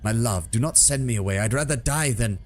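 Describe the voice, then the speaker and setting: A man voicing a devoted male satyr knight with a deep, pleasant voice, earnest and defiant. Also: fairly quick, soft background music, close to an everyday voice.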